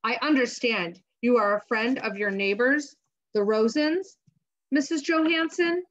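A woman reading aloud as a harsh, demanding male soldier in a storybook scene, on a dull lo-fi recording. She speaks loudly and makes no effort to soften her tone. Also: a little high, animated, normal speed.

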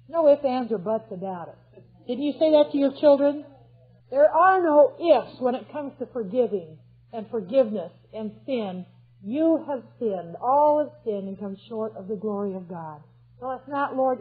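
A woman preaches with earnest emphasis, often turning to put questions straight to her listeners. Her voice sits high for a woman. The recording is thin and tinny, like sound over a phone line. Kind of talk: sermon.

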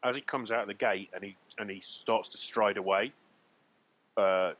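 Husky man running a tabletop game. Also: on the low side, steady tone, normal speed, fairly bright tone, highs cut off. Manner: hesitant, filler-heavy narration. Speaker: game master.

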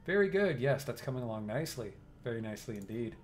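A man reading game dialogue aloud, voicing a cultured and polite middle-aged male engineer who speaks in a formal, measured way. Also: medium pitch, big pitch swings, slight background noise, close to an everyday voice.

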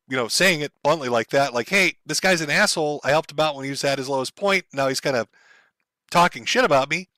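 A man hosting live commentary who explains things calmly and speaks to his chat. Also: a little high, no room sound, clean studio sound. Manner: calm, explanatory, addresses chat. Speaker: host.

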